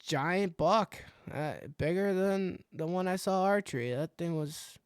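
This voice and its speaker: A man's voice: high-pitched, measured pace, clean tone, no room sound, studio quality. A young man, co-hosting a podcast and animatedly telling a hunting story, acting out his own reactions as he goes. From Wisconsin. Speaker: podcast co-host. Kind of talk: casual hunting story chat.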